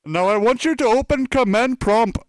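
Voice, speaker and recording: A man putting on a shouting fake tech scammer with a put-on Indian accent. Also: extremely high pitch, normal speed, dry recording, clean studio sound, voice pushed up. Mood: shouting bossy. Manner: yelling, insulting, bossy commands.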